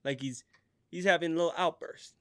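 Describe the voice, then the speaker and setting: A man in his thirties co-hosting a casual podcast, telling animated stories, often laughing and acting out voices. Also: fairly high pitch, fairly quick, no echo, clean studio sound. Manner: animated storyteller, laughs a lot, acts out voices. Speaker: podcast co-host. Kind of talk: casual chat.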